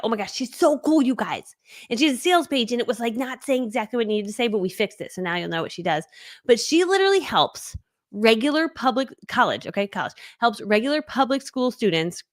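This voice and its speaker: Fast chatty woman coach, excitable and rambly, dry close mic. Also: medium pitch, no echo. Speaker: business coach. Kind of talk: casual live training chat.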